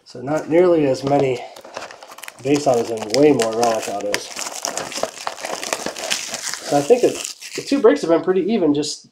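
A woman hosting a trading card break, giving casual running commentary and dropping to quiet mutters while she checks cards. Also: extremely low pitch, very animated, moderate pace, pauses often, noisy background.

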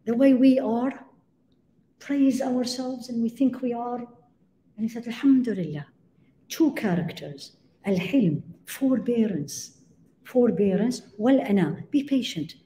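A woman's voice: on the high side, lively intonation, slow, mellow. Emphatic woman lecturing in an echoey room. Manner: emphatic, rhetorical questions, cites Arabic phrases. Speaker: Islamic lecturer. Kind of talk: religious lecture to a live audience.

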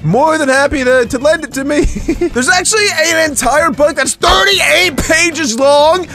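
A young man giving excitable let's-play commentary, yelping and shouting at surprises, with quick asides to viewers. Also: very high voice, creaky, soft background music. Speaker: gaming YouTuber.

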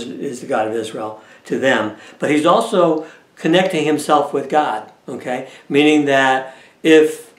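A man teaching a Bible study lesson in a conversational way, often checking in with his listeners. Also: medium pitch. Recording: echoey room.

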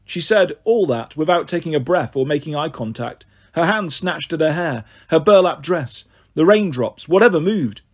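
A man narrating an audiobook in a steady reading voice, now and then stumbling on a word. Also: on the high side, moderate pace. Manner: steady, occasionally stumbles on words.

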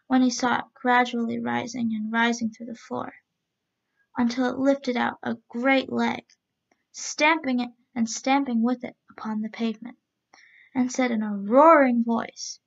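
A woman reading a storybook aloud as a storyteller, in a steady, even-paced read-aloud manner, on a dull lo-fi recording. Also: on the high side, unhurried, vocal fry.

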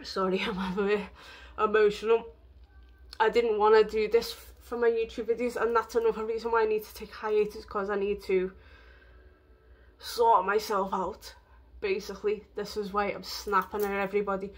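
A woman's voice: mid-range voice, flat delivery, normal speed. A woman vlogging in a rambling, emotional way, with lots of fillers. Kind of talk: casual vlog talk.

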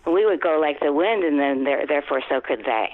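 A woman's voice: deep voice, animated, fairly quick, slight background noise. Woman in her 50s telling showbiz stories over a phone line, chatty, acts out the quotes, tinny sound. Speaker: guest actress. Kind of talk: casual interview storytelling.

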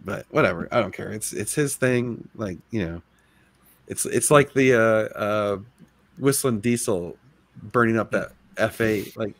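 Rough-voiced man chatting casually. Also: on the low side, a little slow, no echo. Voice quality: rough, smoker-like voice. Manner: rambling, laid-back, lots of fillers and laughs. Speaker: host. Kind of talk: casual livestream chat.

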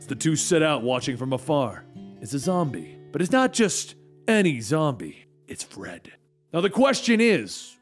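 A man narrating a comic book story in a dramatic, conversational way. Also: mid-range voice.

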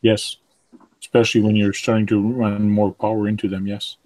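A man's voice: fairly low pitch, little pitch movement, normal speed, a little mellow, no room sound, rough recording. A man whose first language is French, hosting a casual live stream and reading viewer comments aloud with many fillers. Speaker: livestream host.

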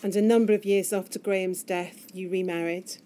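A woman questioning a witness at a formal hearing, in a measured, gentle way. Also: mid-range voice, steady tone. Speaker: inquiry counsel questioning a witness. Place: hearing room.

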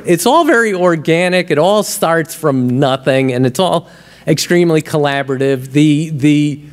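A man in a lecture hall tells comic stories about his work as a television writer. His voice sits a bit high, and he builds toward each punchline in a dry, wry way. A long reverb from the hall trails his words. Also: normal speed. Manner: wry, punchline-driven, gets louder and livelier at the jokes. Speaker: TV comedy writer and guest speaker. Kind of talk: storytelling talk to an audience. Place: lecture hall with a live audience.

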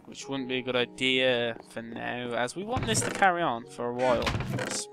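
A young man giving casual gameplay commentary, muttering to himself and breaking into loud, excitable shouts. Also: mid-range voice, normal speed, over music. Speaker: gaming channel host.

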